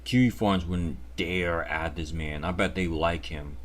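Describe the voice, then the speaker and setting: A man's voice: low-pitched, unhurried, a little hiss or hum. A man hosting his channel and giving reaction commentary in a sarcastic mock rant that turns blunt and profane. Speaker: channel host.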